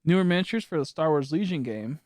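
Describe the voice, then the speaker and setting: A man's voice: a little high, lively intonation, fast talker, a little mellow, dry recording, clean studio sound. Rambling, crude young man live-streaming. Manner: rambling and crude, laughs, talks to chat. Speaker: livestream host. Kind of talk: casual live-stream chat.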